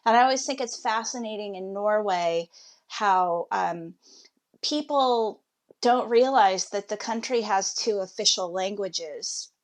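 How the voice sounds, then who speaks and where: A woman's voice: medium pitch, unhurried. A woman, a guest on an interview podcast, telling her story in a chatty, reflective way. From United States.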